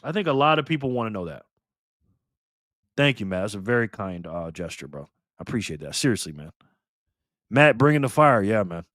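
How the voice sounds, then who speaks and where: Animated, slangy man streaming live. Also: lowish voice, a little fast, long pauses, dry recording, clean studio sound. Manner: slangy, playful, chatty with viewers. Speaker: livestream host reading donations. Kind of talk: casual livestream chat.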